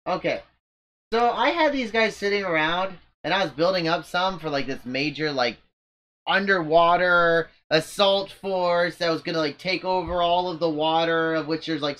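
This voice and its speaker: In a slightly high, somewhat bright voice, a man gives casual let's-play commentary on his strategy game. He rambles and mocks his own moves, frequently starting sentences over.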